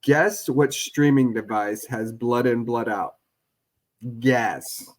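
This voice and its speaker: A man's voice: mid-range voice, slow. Guy on a podcast, rambling casual chat, loses his thread a lot. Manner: rambling, trails off and restarts. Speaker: podcast co-host.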